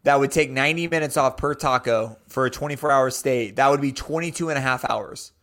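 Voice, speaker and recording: A man's voice: mid-range voice, fairly quick, fairly bright tone. A man co-hosting a podcast in casual banter, teasing and joking with the others. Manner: teasing, jokey. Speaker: podcast co-host.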